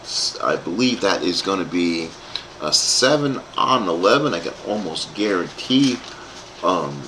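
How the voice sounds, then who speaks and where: Brief: low-voiced man, lively bright play-by-play of a dice baseball game, faint noise behind. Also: measured pace. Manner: animated, rambling asides to live chat. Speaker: host playing a tabletop baseball game.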